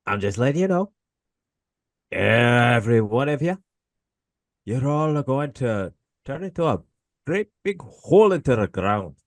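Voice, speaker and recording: A man's voice: medium pitch, very animated, measured pace, pauses often, dry recording, pitched above the performer's own voice. A man in a casual podcast chat putting on a hammy Scottish accent to play a starship engineer threatening a whole planet. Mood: menacing, goofy. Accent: Scottish (put on).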